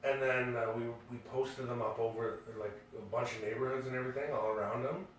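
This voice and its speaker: A man's voice: mid-range voice, fairly even intonation, a little fast, slight background noise. A man, co-hosting a podcast and telling a story casually, rambling with fillers and restarts. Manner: rambling, full of fillers and restarts, laughing at his own story. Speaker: podcast co-host. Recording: echoey room, distant mic.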